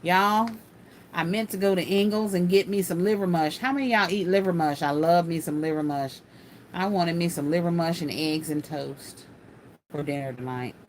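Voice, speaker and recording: A woman's voice: on the low side, moderate pace, slight background noise. A woman hosting a casual craft livestream, chatting folksily and laughing often as she answers viewer comments.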